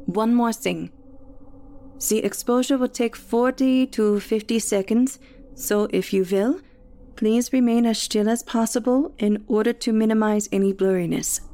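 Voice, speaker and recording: A woman's voice: mid-range voice, completely flat delivery, a little fast, few pauses, dark tone, natural voice. A woman voicing a tall, bearded German photographer who speaks formally and politely.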